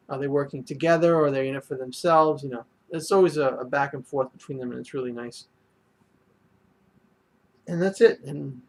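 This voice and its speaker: Rambling gravelly-voiced man reviewing anime. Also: mid-range voice. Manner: rambling, heavy on fillers and restarts. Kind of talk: casual spoken review.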